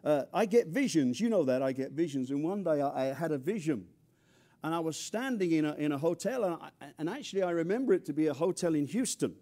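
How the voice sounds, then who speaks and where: A high, lively voice belongs to an older pastor from England, near London, who preaches at a quick pace. He uses humor and bursts of loud emphasis, then slips into low, quiet remarks.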